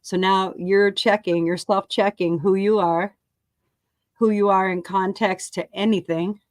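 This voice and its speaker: A woman guiding a conversation in a calm, measured way, checking in with short questions. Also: medium pitch, no room sound.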